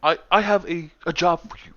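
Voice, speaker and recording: A man's voice: on the high side, steady tone, brisk, sharp tone, dull audio, pitched above the performer's own voice. A man voicing a pompous, fussy older male town official who repeats himself dismissively in a tabletop game.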